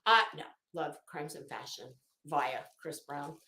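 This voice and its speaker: Low-pitched yet animated, a middle-aged woman from Florida runs a casual livestream in her Florida Southern accent, talking bluntly, swearing freely and greeting viewers by name. She speaks unhurriedly with a bright, forceful tone in a roomy-sounding space.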